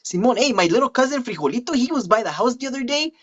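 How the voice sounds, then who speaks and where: A man voicing a boastful young Chicano man with a Chicano accent, in a high, slangy drawl. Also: animated, fast, fairly bright tone, muffled recording, heavily acted. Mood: laid-back. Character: boastful young Chicano man, laid-back street talker.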